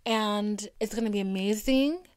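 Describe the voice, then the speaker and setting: A woman's voice: mid-range voice, a little slow, darkish tone, clean tone, no room sound, studio quality, lightly acted. A woman playing an insecure, self-pitying rich man who craves praise, in a sarcastic first-person retelling.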